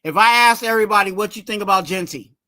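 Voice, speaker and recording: Bright-voiced man rambling through sports talk. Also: high-pitched, fast. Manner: rambling, restarts, asks viewers to subscribe. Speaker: fan channel host. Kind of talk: casual sports commentary vlog.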